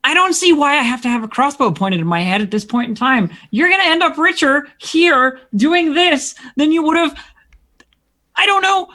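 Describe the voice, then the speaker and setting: A woman's voice: high-pitched, sharp tone, pitched above the performer's own voice. A woman voicing a sly gray-skinned sorcerer who posed as a jester, brash and mocking.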